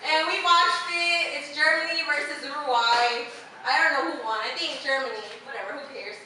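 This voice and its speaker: A bright, high-voiced young woman doing loose, giggly stand-up, full of "like" and swearing. She sounds distant from the mic in an echoey room, with faint noise behind her. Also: fairly even intonation, normal speed. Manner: rambling, giggly, profane, lots of "like". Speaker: open mic comedian. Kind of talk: improvised stand-up comedy. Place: small open mic venue.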